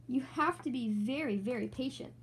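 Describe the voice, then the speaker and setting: Gentle old grandpa pig explaining things slowly, read by a woman, storybook. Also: fairly high pitch, heavy background noise, natural voice. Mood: patient. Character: kindly old grandpa pig, patient gardener.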